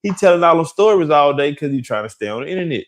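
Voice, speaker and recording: A man's voice: a little high, lively intonation, quick pace. A man with a Detroit accent co-hosting a casual gossip talk, drawling and laughing often. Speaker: gossip show co-host.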